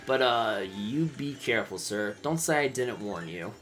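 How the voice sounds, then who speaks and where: A man's voice: mid-range voice, lively intonation, moderate pace, a bit bright, faint music behind, lightly acted. A man voicing a polite, nervous male ship sailor in a game, courteous and fretful.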